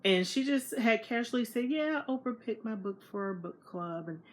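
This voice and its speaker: Woman vlogger, chatty storyteller, voices jump up for quotes. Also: normal speed. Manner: animated, acts out quoted dialogue in higher voice. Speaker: book vlogger. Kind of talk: casual storytelling to camera.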